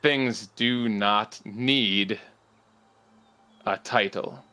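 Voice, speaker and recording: A man voicing an ancient male tree guardian of the forest, speaking in a slow, groaning way. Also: on the low side, bright, forceful tone, soft background music, heavily acted. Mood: solemn.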